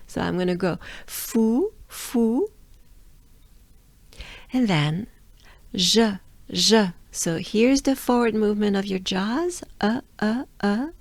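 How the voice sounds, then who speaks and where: Slow, tired-voiced French woman coach. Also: medium pitch, expressive, no echo. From France. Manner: drills sounds slowly with repetition. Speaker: pronunciation coach. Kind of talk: pronunciation lesson.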